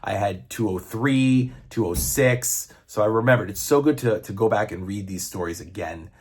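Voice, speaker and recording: A man in his fifties with a husky, slightly grainy voice, talking about comics in a loose, chatty way. He rambles and gets excited, with the occasional curse thrown in. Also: lowish voice, moderate pace. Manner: rambling, enthusiastic, swears casually. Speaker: comic book reviewer. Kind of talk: casual chat.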